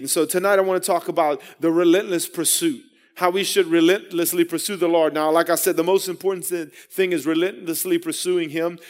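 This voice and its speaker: A man preaching a sermon in an earnest way, often repeating and restarting his phrases and building to emphatic raised passages. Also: sits high.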